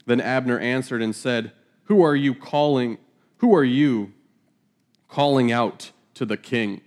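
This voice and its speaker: A man's voice: mid-range voice, a little slow, darkish tone. A man reading scripture aloud and teaching it verse by verse, in a casual, joking manner with laughing asides. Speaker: Bible teacher.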